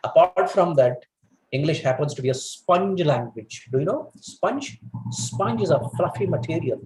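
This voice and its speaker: A man's voice: on the high side, very animated, normal speed, slight background noise. A man from India giving a rambling lecture at an online webinar, peppering his talk with "you know" and addressing listeners as "my dear friends". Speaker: webinar speaker on English communication. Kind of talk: lecture presentation. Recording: echoey room.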